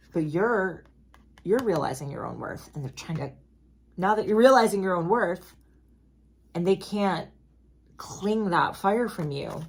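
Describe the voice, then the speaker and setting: A woman giving a casual tarot reading, talking in a chatty, emphatic way with asides and quick apologies. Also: lowish voice, a little hiss or hum. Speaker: tarot reader.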